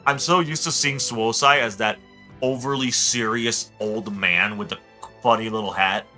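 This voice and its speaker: A young man streaming a game, rambling excitably as he tells stories and chats. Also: fairly low pitch, moderate pace, soft background music. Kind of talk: casual gameplay chat.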